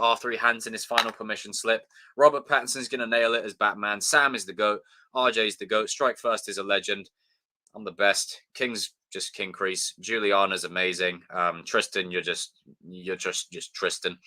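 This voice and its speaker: A man's voice: on the low side, fairly even intonation, moderate pace, pushed and bright. A young man hosting a live stream, chatting loosely, swearing and thanking viewers by name. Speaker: livestream host. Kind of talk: casual live stream sign-off chat.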